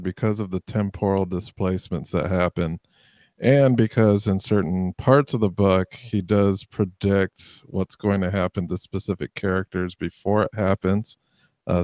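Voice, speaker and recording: A man in a casual online book discussion, making measured points and qualifying his claims. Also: sits low, a little mellow, no room sound. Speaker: book club participant.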